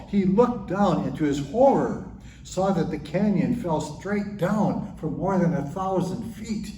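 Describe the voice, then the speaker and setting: A man's voice: on the high side, mellow. A man, a pastor, telling church jokes as a chuckling storyteller. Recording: roomy, distant mic, faint hiss.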